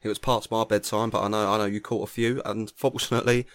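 A man co-hosting a sports podcast in relaxed, easygoing casual talk. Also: on the low side, quick pace, no echo. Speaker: podcast co-host.

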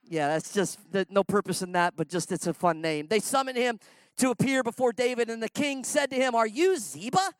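Man, very high voice, smooth and resonant, emphatic storytelling sermon. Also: fairly even intonation, a little fast, no room sound, poor audio. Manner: emphatic storytelling, swinging from loud outbursts to hushed tones. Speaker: traveling preacher. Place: stage.

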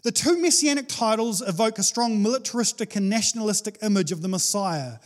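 Man, high voice, preacher, sermon, animated, casual asides. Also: fairly quick. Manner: animated, playful, acts out quoted voices with laughs.

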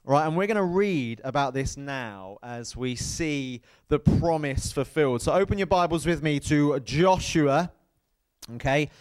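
Lively, fairly high-voiced male preacher. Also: a little slow, smooth. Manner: lively storytelling, asks the crowd "right?". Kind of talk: sermon. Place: church hall.

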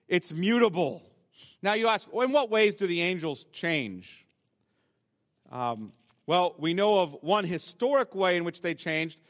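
High-voiced preacher in a reverberant church. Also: male voice, fairly bright tone. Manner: emphatic preaching, reads scripture aloud, slows for stress. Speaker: pastor. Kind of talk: sermon. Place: church sanctuary.

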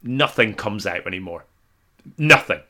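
A man in his forties performing a self-deprecating comic monologue, deadpan with sudden exaggerated outbursts. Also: on the low side, measured pace. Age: 40s. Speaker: comedian.

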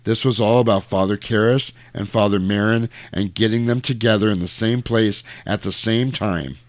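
A man with a fairly low voice, recorded dry, chats casually on a podcast. He retells a horror movie scene by scene as an animated storyteller. He acts out the characters' lines in quick voices.

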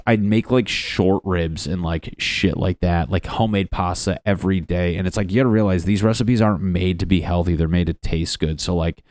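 A young man with a low, deep voice talks to his viewers in a loose, rambling way. He swears a lot and makes fun of himself. The sound is dry and close, with no room echo. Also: darkish tone. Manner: rambling, profane, self-deprecating. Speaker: vlogger. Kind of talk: casual personal talk to camera.

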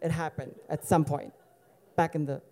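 A man's voice: fairly high pitch, level tone, normal speed, a little mellow. A man from Dubai telling a personal story to an audience in a casual, digressive way with wry asides.

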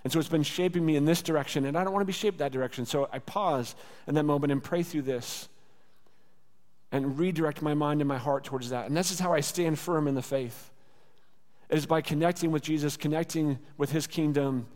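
A man's voice: on the high side, brisk, a little mellow, big-room sound. A man in his thirties preaching a sermon as a pastor, earnest and conversational, speaking prayers aloud as he teaches. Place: church sanctuary.

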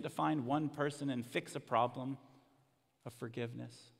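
A man delivering a sermon as a pastor, telling stories and sinking into hushed, emotional quiet at tender moments. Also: medium pitch, fairly even intonation, normal speed, vocal fry, big-room sound. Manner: storytelling, dropping to a hushed, emotional near-whisper in quiet passages.

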